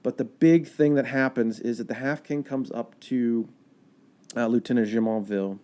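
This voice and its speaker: A man, a park ranger guest, telling history in a chatty, animated storytelling way. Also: medium pitch, moderate pace. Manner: animated, chatty storyteller with fillers and quoted asides.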